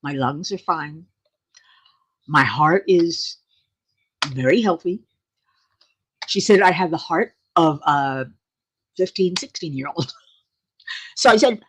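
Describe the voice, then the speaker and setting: A woman chats on her own channel in a slow, low-pitched voice with a breathy huskiness. Her pitch swings widely, and she laughs often, keeping the talk playful and relaxed. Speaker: channel host. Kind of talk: casual chat to viewers.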